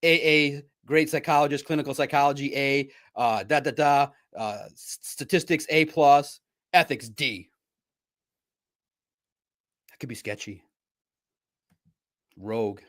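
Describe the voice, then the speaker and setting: A man's voice: medium pitch, a little slow, pauses often, fairly bright tone. A man hosting a casual sports livestream, rambling and self-deprecating, often laughing at himself. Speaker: sports podcast host and reporter.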